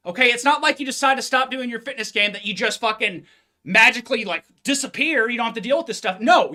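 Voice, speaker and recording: A man's voice: very high-pitched, sharp tone. A man, a fitness coach, giving a blunt, intense live-stream pep talk full of cursing, speaking into a phone.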